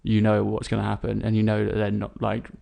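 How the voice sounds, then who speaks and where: A young man co-hosting a casual podcast chat, talking bluntly and cursing freely as he tears into a film. His voice sits on the low side and has a gravelly edge to it. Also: fairly quick. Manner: blunt, swears freely, animated when ranting. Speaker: podcast co-host.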